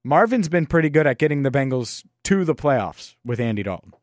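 A man's voice: mid-range voice, big pitch swings, brisk, no echo. A young man talks loosely into a close, dry mic, hosting his own podcast. He rambles and restarts sentences often. His voice sits in an ordinary middle register. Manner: rambling, with frequent restarts and fillers. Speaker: podcast host. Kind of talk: casual solo podcast talk.

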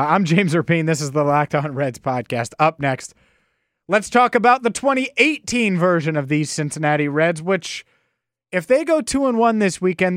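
A male podcast host talks sports in an animated, nostalgic way, often restarting his sentences. His voice sits a little high. He is recorded dry and close on a podcast mic. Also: no echo. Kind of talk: casual solo sports podcast.

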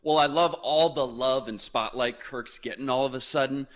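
A man co-hosting a sports podcast, reasoning through his case in a measured way. His voice has a plain mid pitch. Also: a bit bright. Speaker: podcast co-host. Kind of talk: sports analysis talk.

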